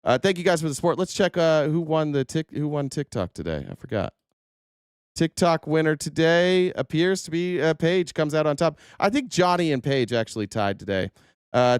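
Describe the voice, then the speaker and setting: A man hosting a political livestream, full of sarcasm and swearing as he rants and reads out viewer comments. His voice is smooth and resonant, a little worn, with a dry, close sound and no room echo. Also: medium pitch. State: voice a bit worn. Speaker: livestream host. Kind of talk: casual political livestream rant.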